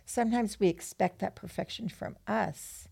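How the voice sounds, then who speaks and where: A middle-aged woman chats through a scripture lesson, her voice carrying a gravelly edge. She tells stories with animation and slips into a steady, measured cadence when she recites verse. The recording is dry and close. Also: mid-range voice, dry recording. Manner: animated storyteller who reads a poem with steady, measured delivery. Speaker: podcast co-host. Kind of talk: casual gospel-lesson chat and poem recitation.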